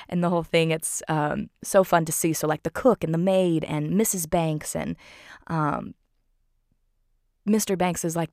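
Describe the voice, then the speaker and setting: A woman's voice: sits low, fairly even intonation, normal speed, vocal fry, dry recording, clean studio sound. A woman recapping a film in a casual, enthusiastic way, full of fillers and "like".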